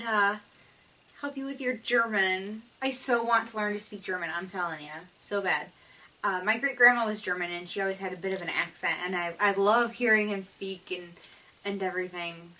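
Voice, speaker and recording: Chatty woman with a bright voice. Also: mid-range voice, distant mic, low-quality recording. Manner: chatty and rambling, with many fillers and laughs. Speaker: knitting video podcast host. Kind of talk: casual chat.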